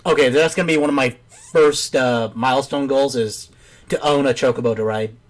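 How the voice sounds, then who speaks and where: A young man chats casually while he plays a game. He is easygoing and laughs often between remarks. His voice sits at a middle pitch. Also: fairly quick. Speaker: game streamer. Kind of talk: casual gameplay commentary.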